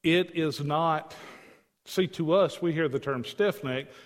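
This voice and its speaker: A man's voice: fairly high pitch, slow, big-room sound. A man teaching a Bible study, reading scripture aloud and explaining it in an emphatic, conversational way.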